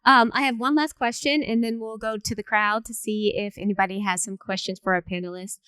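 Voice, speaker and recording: A woman moderating a panel who tells stories in a chatty, lively way with many fillers. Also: medium pitch, fairly quick, clean tone, dry recording. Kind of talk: panel storytelling.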